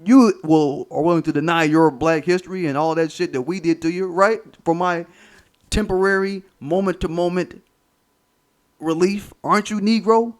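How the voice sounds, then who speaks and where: A man's voice: high-pitched, normal speed, natural voice. A man voicing a condescending adult man who taunts a black friend in a mocking, chuckling, patronizing way.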